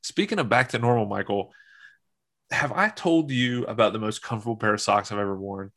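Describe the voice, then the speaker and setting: Bright-voiced joking podcast co-host man. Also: on the low side, brisk. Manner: joking, jumps into mock-serious quotes. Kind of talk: casual chat.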